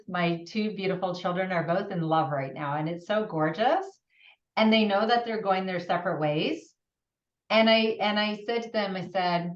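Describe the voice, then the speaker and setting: Woman on an echoey, distant call. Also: mid-range voice. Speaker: co-host. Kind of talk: reflective conversation. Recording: roomy, distant, dull video-call audio.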